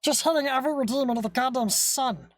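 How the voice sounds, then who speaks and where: A streamer in casual chat who coughs and clears their throat often, loses their train of thought, restarts sentences and swears. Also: high voice, quick pace, slight background noise. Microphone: streaming setup, private call.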